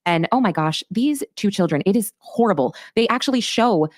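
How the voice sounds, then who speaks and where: A woman hosting a true crime podcast, recapping a case in fast, emphatic storytelling. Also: medium pitch, lively intonation, darkish tone, dry recording, studio quality. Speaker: podcast host.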